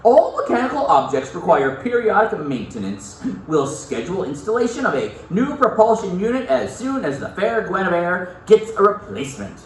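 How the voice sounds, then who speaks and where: A man's voice: high-pitched, sing-song, normal speed, few pauses, slight background noise. A man reading as a know-it-all genius boy. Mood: lofty. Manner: formal, precise, lofty wording. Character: genius boy with a formal, dictionary-like way of speaking. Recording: echoey classroom from far off.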